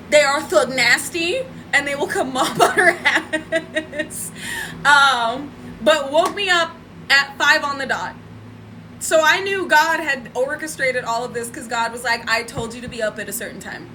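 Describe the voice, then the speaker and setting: A woman's voice: high voice, background noise. A woman telling a story in a casual live stream from home, chatty, laughing and talking to her viewers. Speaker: spiritual vlogger. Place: home room.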